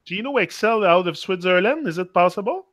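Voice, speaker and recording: A man hosting a casual conversation who speaks in halting phrasing with many fillers. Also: high-pitched, expressive, a bit bright, no room sound. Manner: halting non-native phrasing, frequent fillers. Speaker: host.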